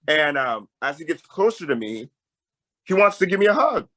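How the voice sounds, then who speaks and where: A young man, a peace campaigner, telling a story in a lively conversational way. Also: fairly high pitch, normal speed, poor audio. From Tacoma, Washington. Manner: animated storyteller, voice jumps up when excited.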